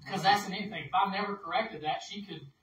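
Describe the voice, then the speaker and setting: A man's voice: high-pitched, fast, fairly bright tone, echoey room, distant mic, rough recording. A man, a minister telling a family story in a chatty, folksy sermon, laughing between phrases. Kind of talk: anecdotal sermon.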